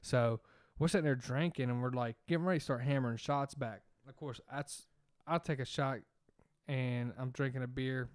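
A man's voice: medium pitch, steady tone, moderate pace, no echo, clean studio sound. A man telling a rambling, profane story in a casual podcast chat. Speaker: podcast co-host.

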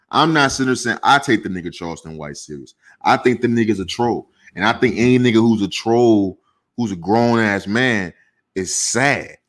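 A man hosting a podcast, ranting casually with heavy profanity and rising heat. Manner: profane, heated, gets louder and higher when ranting. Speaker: podcast host.

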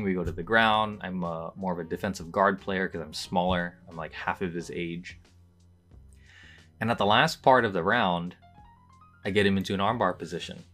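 A young man with a deep voice hosts a podcast, telling a personal story in a casual, chatty way. He uses lots of fillers and gets bursts of excitement as he relives the moments.

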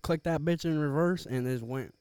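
A man's voice: a little high, a little fast, a little mellow, smooth, dry recording. A young man telling a rambling, profane story in casual chat, slangy and loose. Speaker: podcast co-host.

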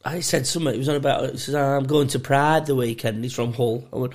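A man's voice: mid-range voice, steady tone, fast, few pauses, darkish tone. A man co-hosting a podcast, telling sweary stories in casual chat and laughing often. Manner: sweary storytelling, laughs a lot. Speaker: podcast co-host.

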